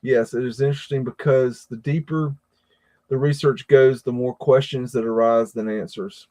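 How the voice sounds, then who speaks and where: An American man hosting a live stream, chatting casually and reading viewer comments, with a rambling, halting delivery full of repeated words and fillers. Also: medium pitch, steady tone, warm tone. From United States. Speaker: livestream host reading chat.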